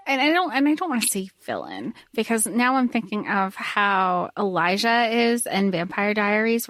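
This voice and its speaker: A woman's voice: mid-range voice, no echo. A woman co-hosting a casual book podcast, talking through her thoughts in a chatty, meandering way. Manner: chatty, thinks aloud with fillers and restarts. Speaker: podcast co-host.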